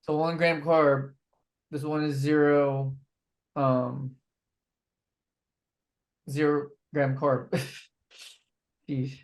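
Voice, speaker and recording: Slow, gravelly man mentoring on a call. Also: a little high, little pitch movement. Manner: thinks aloud while reading product labels. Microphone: video call.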